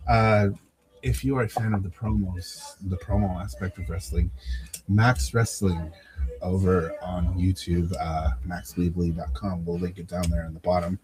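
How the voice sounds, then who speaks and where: A man with a fairly low voice talks in a relaxed, rambling podcast manner. He leans on fillers and restarts as he plugs his projects, dropping a joking swear now and then. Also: normal speed, a crowd in the background, low-quality recording. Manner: laid-back, plugging projects, many fillers, swears jokingly. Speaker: podcast co-host and promo wrestler. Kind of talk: casual podcast chat.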